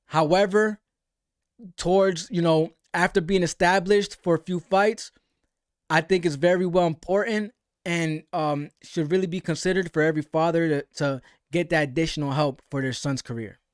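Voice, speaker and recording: A young American guy runs a live stream, reading viewer comments and chatting loosely about boxing, heavy on slang and constantly saying "you know what I'm saying." His voice is on the high side, steady, clear, and resonant, at a moderate pace. The recording is studio quality with no room sound.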